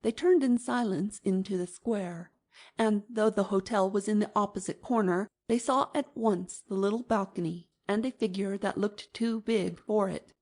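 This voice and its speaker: A woman narrating an audiobook in an even, measured manner. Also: medium pitch.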